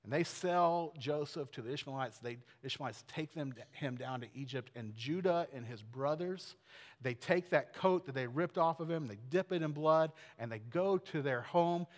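A man preaches, retelling scripture like a story with plenty of asides and loose fillers. His voice sits a little high for a man. The sound rings out in a big hall with a long tail of reverb. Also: normal speed. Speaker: pastor. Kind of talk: sermon.

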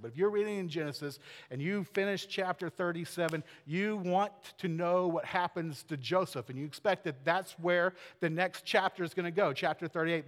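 A man preaches, retelling scripture like a story with plenty of asides and loose fillers. His voice sits a little high for a man. The sound rings out in a big hall with a long tail of reverb. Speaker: pastor. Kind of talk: sermon.

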